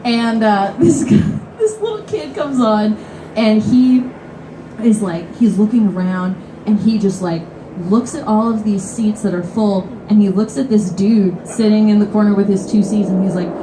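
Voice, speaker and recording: A young woman from Kentucky spins a comedic story on stage in a bookstore cafe, rambling, swearing and leaning on "like". Her voice is mellow and dark-toned. The live room rings around her, with a faint murmur underneath. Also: medium pitch, moderate pace, slight background noise. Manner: rambling, profane, heavy use of "like". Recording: roomy live venue sound.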